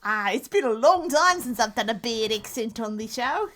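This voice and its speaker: A woman's voice: on the high side, lively intonation, moderate pace, fairly bright tone. Giggly woman podcast co-host, playful. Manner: giggly, playful, slips into silly accents. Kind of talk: casual comedy chat.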